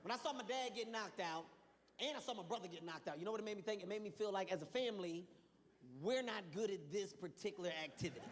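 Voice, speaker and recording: A man's voice: high-pitched, expressive, fast. A man doing a stand-up comedy routine, telling a story with dry punchlines. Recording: echoey hall with background noise.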